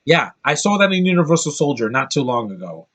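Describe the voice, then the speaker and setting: A man's voice: on the high side, very animated, fairly quick, a bit bright. Man, ranting movie review, exasperated, blunt, swears, stumbles and repeats words.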